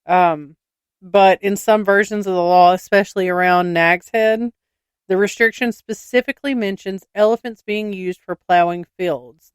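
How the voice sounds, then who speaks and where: On a laid-back podcast, a woman co-host tells anecdotes between giggles and reads peculiar state laws to listeners she calls "y'all." Her smooth voice sits at medium pitch, captured as a dry, clean studio recording.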